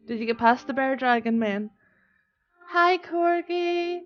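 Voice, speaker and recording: A young woman from Northern Ireland with a Northern Irish accent, chatting casually and excitably on a live stream and swearing often. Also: high voice, slow pace. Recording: dull lo-fi stream audio with soft music. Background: soft music.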